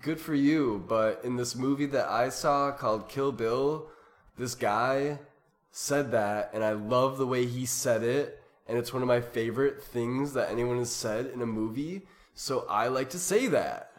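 A man's voice: mid-range voice, unhurried. A man chatting casually on a podcast, hesitant and rambling, with lots of ums and bursts of laughter. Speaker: improv performer.

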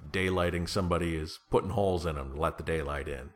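Very deep-voiced playful man. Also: fast. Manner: playful, laughs often, slips into comic voices. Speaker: author guest. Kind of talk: casual interview chat.

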